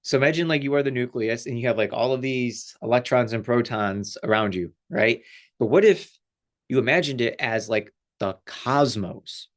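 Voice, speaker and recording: A man, a life coach, giving a casual, animated spiritual talk with lots of fillers and frequent laughter. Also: medium pitch, moderate pace.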